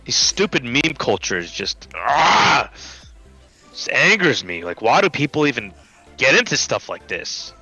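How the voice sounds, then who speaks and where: A man's voice: very animated, measured pace, sharp tone, slightly rough, soft background music. A man in casual chat who swears freely and rants, his voice climbing when he gets worked up. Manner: ranting, swears, pitch jumps up when worked up.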